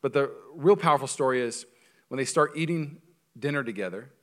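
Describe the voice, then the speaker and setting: A male pastor preaching a sermon in a church, animated and joking, with quick asides. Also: mid-range voice.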